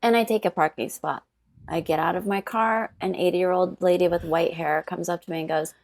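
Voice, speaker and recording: A woman's voice: on the low side, fairly even intonation, fairly quick, a little mellow. A woman guest on a podcast, telling a story bluntly with swearing and dry asides. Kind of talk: casual chat.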